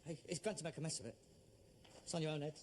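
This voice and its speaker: Actor as exasperated bloke, lively high voice, hissy old TV recording. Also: male voice, racing, close to an everyday voice. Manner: exasperated, stumbling through stiff stage lines. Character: frustrated working-class son with stage ambitions. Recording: noisy old TV soundtrack.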